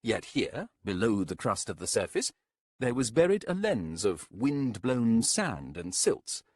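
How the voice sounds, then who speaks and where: A stern, scornful skeptic, voiced by a male audiobook narrator who lectures with blunt certainty. His delivery is slow, and his pitch moves a lot. The voice is husky and dry, recorded close. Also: big pitch swings, a little mellow, no room sound. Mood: lecturing. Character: stern, scornful rationalist man. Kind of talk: audiobook character voice.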